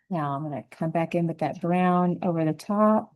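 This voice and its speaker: Mellow-voiced woman teaching painting. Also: on the low side, normal speed, low-quality recording. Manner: relaxed, encouraging, thinks aloud while painting. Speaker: painting instructor. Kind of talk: step-by-step painting tutorial.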